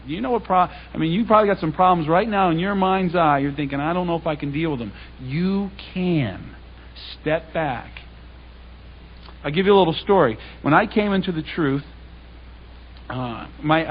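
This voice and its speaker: Captured in dull lo-fi sound with slight background noise, a man with a fairly high voice gives an anecdotal sermon. It's a public Bible talk in which he tells stories in a conversational way, acting out the dialogue and quoting what others said.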